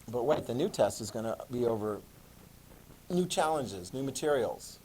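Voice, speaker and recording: A man teaching a history class, lecturing in an animated way, joking and asking students questions. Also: medium pitch, normal speed, slight background noise, low-quality recording. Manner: animated, talks to students, jokes and asks questions.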